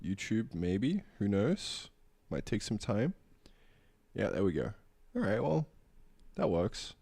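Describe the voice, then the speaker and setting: A laid-back Australian man talking to his live chat, his lowish voice swinging up and down with lively energy. He is at the tail end of a cold. The sound is dry and close, with no room around it. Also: slow pace, gravelly, dry recording. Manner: laid-back, chatty, greeting chat by name. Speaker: streamer. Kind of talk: casual livestream chat.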